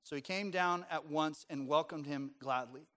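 A man's voice: fairly high pitch, normal speed, bright, forceful tone. A man preaching a sermon in a church, conversational and joking with the congregation. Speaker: pastor. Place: church sanctuary.

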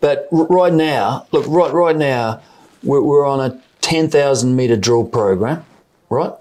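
New Zealand man explaining, halting. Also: mid-range voice, dark tone. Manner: halting, repeats words while explaining. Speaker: mining company executive. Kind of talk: conversational interview.

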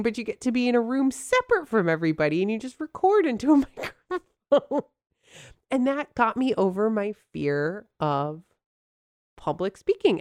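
Bubbly rambling woman, lively pitch. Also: no echo, studio quality. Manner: bubbly, rambling, laughs often. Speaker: podcast co-host. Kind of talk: casual chat.

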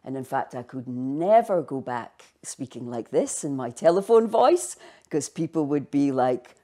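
A woman's voice: very deep voice, big pitch swings, unhurried, mellow. A woman with a North East Scots accent, a lecturer speaking in an interview and sliding between standard and broad Scots. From North East Scotland. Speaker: linguistics lecturer. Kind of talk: interview talk.

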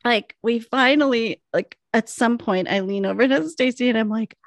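A woman's voice: fairly high pitch, normal speed, dry recording. A woman co-hosting a casual chat, telling a story and acting out what she said back then. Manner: animated, acts out her own past lines.

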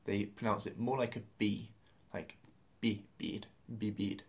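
Low-voiced man teaching patiently. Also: normal speed. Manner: patient, methodical explanations with spelled-out letters. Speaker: language teacher. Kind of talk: explaining a lesson.

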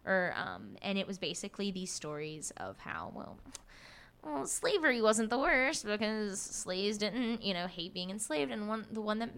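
A young woman co-hosting a podcast, talking casually about a book with lots of fillers and restarts. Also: medium pitch. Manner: animated, many fillers and restarts. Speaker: podcast co-host.

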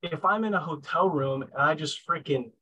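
A man's voice: fairly high pitch, normal speed, bright, forceful tone, breathy edge, lo-fi sound. A man appearing as a podcast guest, talking candidly and rambling as he searches for words. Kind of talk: casual podcast talk.

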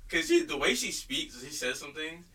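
A man chatting on a casual podcast, telling stories with big swings in pitch and a very bright, forceful tone. He laughs a lot and acts out quotes. His voice sits a little back from the mic. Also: moderate pace, distant mic, poor audio. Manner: animated storyteller, laughs often, acts out quotes. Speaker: podcast co-host. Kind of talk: casual chat.

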